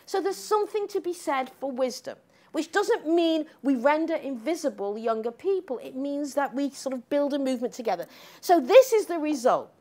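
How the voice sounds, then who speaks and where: A woman's voice: high voice, darkish tone. A middle-aged woman giving a public lecture, emphatic and combative, tagging her points with questions to the audience. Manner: emphatic, combative, frequent "okay?" tags.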